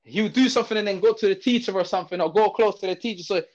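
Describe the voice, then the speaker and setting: A young man from Zimbabwe, speaking, tells a story in a loose, casual chat. His voice sits high, and his talk is animated and slangy, packed with fillers and restarts. The audio is dull and lo-fi. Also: racing.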